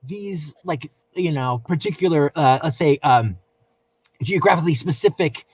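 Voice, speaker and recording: A man's voice: a little high, expressive, moderate pace, darkish tone, husky, no echo. A man co-hosting a podcast, telling rambling stories with lots of fillers and restarts. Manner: rambling, hesitant storyteller with many fillers. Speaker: podcast co-host. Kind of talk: casual chat.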